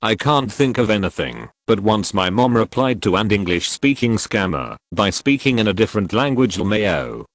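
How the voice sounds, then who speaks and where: A low-pitched male voice narrates online posts in an even, matter-of-fact way. It reads symbols and acronyms out literally, with pitch that still moves up and down a lot. The sound is close and dry, with no room around it. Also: moderate pace, few pauses, no echo. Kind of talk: scripted narration.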